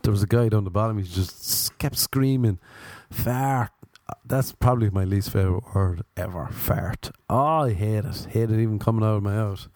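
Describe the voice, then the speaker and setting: A young man, hoarse from being sick, telling self-deprecating stories in a rambling podcast chat and acting out what people said in raised voices. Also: fairly low pitch, a little fast, few pauses, a little mellow, dry recording, studio quality. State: hoarse from illness. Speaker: podcast host. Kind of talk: casual comedic storytelling.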